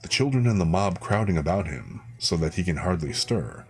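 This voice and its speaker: A man's voice: sits low, expressive, normal speed, a little mellow, slightly rough, soft background music, exaggerated voice. A man voicing a young female servant who mocks a strange old peddler. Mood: amused. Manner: laughing, mocking tone.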